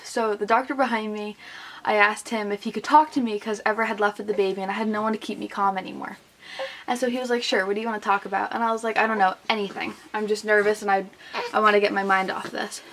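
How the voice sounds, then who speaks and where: A woman's voice: mid-range voice, fairly even intonation, quick pace, fairly bright tone. Chatty young woman vlogger. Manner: chatty, heavy use of "like", retelling with quoted voices. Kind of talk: casual storytelling to camera.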